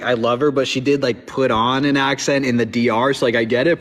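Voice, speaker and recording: A man chatting casually on a livestream, quick to laugh and react. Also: mid-range voice. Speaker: livestream guest.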